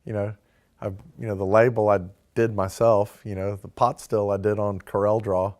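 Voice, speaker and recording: A distillery founder with a very low, level voice that's a little mellow tells a long, relaxed story of launching his business. He voices the people in it through quick bits of dialogue and fills gaps with "like" and "you know."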